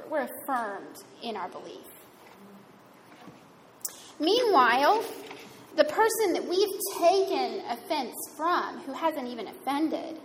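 A woman giving a sermon in a conversational, wryly humorous way. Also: high-pitched. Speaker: preacher. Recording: reverberant hall, faint room noise.

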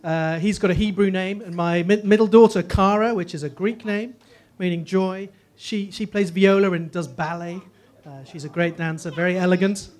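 A man's voice: sits high, fairly even intonation, moderate pace, darkish tone. A man in his forties with a posh English accent, telling his personal faith story with self-deprecating jokes. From Northeast England. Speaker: guest speaker. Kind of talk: humorous personal testimony.

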